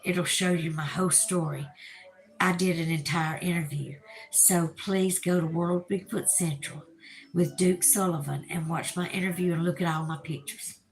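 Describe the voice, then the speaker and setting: A woman with a Southern US accent hosts a casual livestream, reading viewer comments aloud in a chatty way and laughing often. Her voice is on the low side with fairly even intonation and a moderate pace, and the recording is rough.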